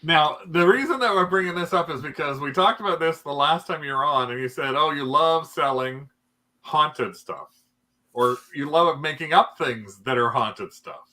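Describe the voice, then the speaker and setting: A man hosting a casual podcast chat, animated, exclaiming and laughing often. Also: fairly high pitch, normal speed. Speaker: podcast host.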